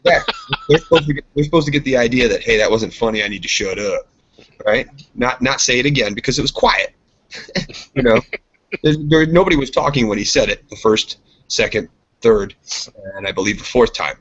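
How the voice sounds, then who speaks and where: A man's voice: mid-range voice, a little fast, fairly bright tone, breathy edge. A man co-hosting a casual podcast, telling a rambling, profane story and mimicking his friends. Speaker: podcast co-host. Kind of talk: casual chat. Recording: dull lo-fi sound.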